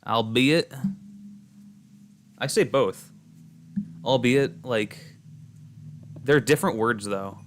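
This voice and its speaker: A man's voice: medium pitch, measured pace, pauses often, a little hiss or hum. Rambling young male streamer. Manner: rambling, many fillers and restarts. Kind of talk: casual chat while gaming.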